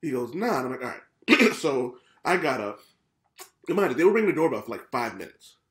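A man hosting a casual podcast, telling stories in an animated way, swearing and acting out what people said. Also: mid-range voice, brisk, roomy sound. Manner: animated, swearing, retells scenes in quoted voices. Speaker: podcast host. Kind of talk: casual storytelling chat.

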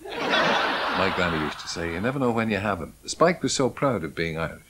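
A deep-voiced man reflects fondly on a comedian's humour, with the occasional chuckle. His tone is measured and thoughtful. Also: very animated, sharp tone, a little hiss or hum, poor audio. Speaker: documentary interviewee. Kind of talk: reflective commentary.

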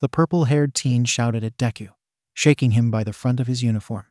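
A man narrating a fan fiction story in a flat, even reading style that reads symbols out literally. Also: medium pitch, brisk, dry recording, studio quality.

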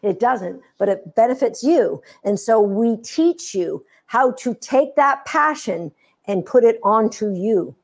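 A woman dog trainer giving an instructional talk, animated and playful as she tells stories. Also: on the high side, takes it slowly, vocal fry.

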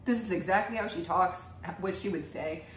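A woman's voice: lowish voice, moderate pace, reverberant, recorded from a distance. A young woman hosting a casual comedic reaction to comments, blunt and laughing often.

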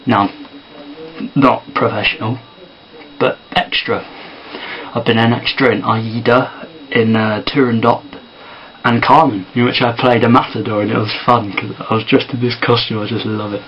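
A man talking quietly and softly to camera in a casual sit-down vlog. He sounds tired. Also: mid-range voice, steady tone, moderate pace, muffled recording. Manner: quiet and soft-spoken. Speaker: vlogger and amateur filmmaker.

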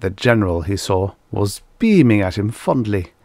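A man reading vintage science fiction stories aloud as an audiobook narrator, in a steady, measured way. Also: lowish voice, gravelly, dry recording.

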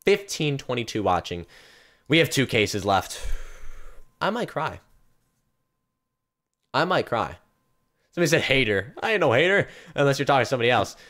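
A young man streaming a video game and unboxing cases, excitable, swinging from hushed mumbling to loud yelps and repeating phrases in rapid strings. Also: medium pitch. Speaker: gaming streamer. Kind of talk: live-stream case unboxing commentary.

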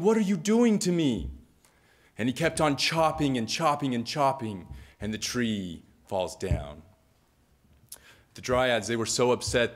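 Brief: male speaker telling stories dramatically, middle pitch, lots of repetition. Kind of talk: storytelling talk.

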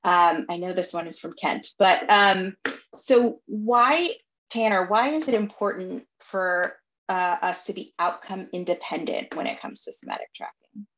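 A woman's voice: lowish voice, measured pace, fairly bright tone, dull audio. A woman moderating an online question session, chatty and upbeat as she reads out questions from the chat. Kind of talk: hosting an online Q&A.

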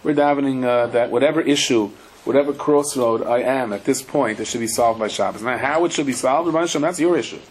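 A man's voice: medium pitch, fast, a little hiss or hum, poor audio. A male rabbi giving a chatty Torah lecture, telling stories with wry humor and many asides.

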